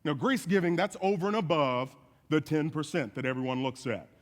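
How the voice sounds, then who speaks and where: A man's voice: on the high side, fairly quick. Man preaching in an echoey hall. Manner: animated storytelling with folksy asides. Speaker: guest speaker. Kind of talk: sermon. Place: church sanctuary.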